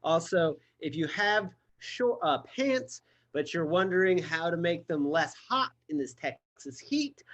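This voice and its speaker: A man's voice: a little high, very animated, a little slow, a bit bright, lo-fi sound. A man co-hosting a comedy stream, chatting casually in an irreverent, loose way and swearing freely. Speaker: comedy show co-host.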